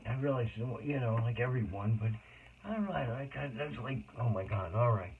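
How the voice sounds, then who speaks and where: A man telling a personal story in a rambling, emotional monologue with sudden loud outbursts. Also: mid-range voice, normal speed. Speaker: autobiographical storyteller. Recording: tinny phone-like noisy recording.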